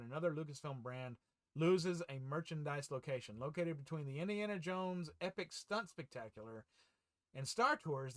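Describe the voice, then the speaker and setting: Male host, bright and a touch high, dry close sound; casual, rambling headline reader. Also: dry recording. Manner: rambling, loose, with frequent fillers and chuckles. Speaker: host of a fan news channel. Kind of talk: casual headline read-through.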